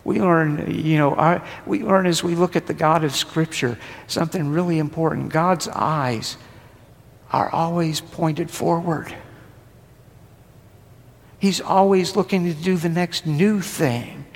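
Gravelly preacher man in a reverberant hall. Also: a little high, steady tone, slow pace. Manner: rises and presses hard, then drops to a hushed near-whisper. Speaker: pastor. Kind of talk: sermon. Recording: long hall reverb, faint noise.

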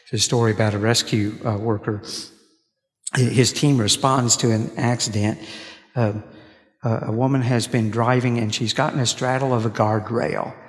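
A man pastor delivering a sermon, telling stories with halting restarts. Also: mid-range voice, fairly even intonation. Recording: long reverb of a large hall.

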